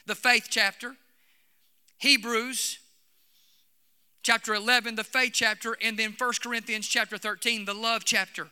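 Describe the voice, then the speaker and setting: A Pentecostal preacher man with a very high, piercingly bright voice, preaching with fervor that climbs into shouts. He leans on "uh" between his phrases. His voice rings out with the long reverb of a church hall. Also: little pitch movement, a little slow, pauses often, smooth. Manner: fervent preaching, often starting phrases with "uh", building to shouts. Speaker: Pentecostal pastor. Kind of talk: sermon. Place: church sanctuary.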